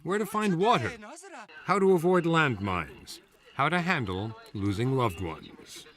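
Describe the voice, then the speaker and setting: Lively-voiced male news narrator. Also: on the high side, a little slow. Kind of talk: scripted documentary narration.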